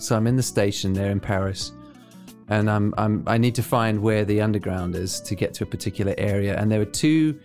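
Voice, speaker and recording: British guy telling stories, laughing. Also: lowish voice. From United Kingdom. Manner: animated storyteller, laughs often. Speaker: podcast co-host. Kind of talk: casual chat.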